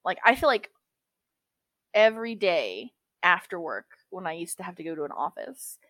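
A woman's voice: fairly low pitch, sing-song, moderate pace, pushed and bright, no echo. A woman co-hosting a podcast in casual chat, talkative and profane, calling everyone girl. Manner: chatty, swears freely, calls everyone girl. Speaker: podcast co-host.

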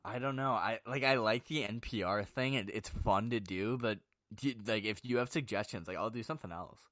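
A young man co-hosting a podcast, jokey and animated, who tends to repeat himself. His voice sits on the low side. The sound is dry and close. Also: brisk, dry recording. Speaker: podcast co-host. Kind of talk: casual chat.

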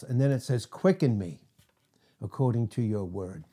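Man preaching a sermon, really dark mellow voice, reads verses out and asks the room questions. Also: mid-range voice, sing-song, normal speed, husky. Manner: asks the listeners questions and answers them; reads scripture verses aloud. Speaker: pastor.

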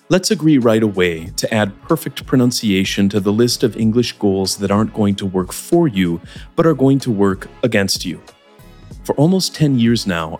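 Guy with a lowish voice doing a scripted english lesson podcast, clear and measured, bit of soft music behind. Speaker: English teacher and podcast host.

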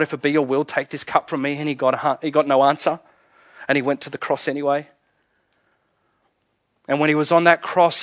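A man preaching a sermon as pastor, earnest, often chuckling and sinking to a hushed, soft delivery. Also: mid-range voice, no room sound.

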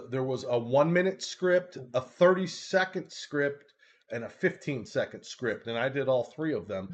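A man co-hosting a casual streamed talk show, telling a story in a loose, profane, animated way. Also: a little high. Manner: animated storytelling, profane, puts on silly British voices. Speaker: podcast co-host. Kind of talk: casual chat. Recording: dull lo-fi stream audio.

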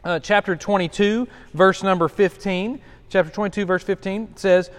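A man's voice: high-pitched, fairly even intonation, moderate pace. A middle-aged man leading an informal Bible study as pastor, talking conversationally and repeating points for emphasis. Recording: long hall reverb.

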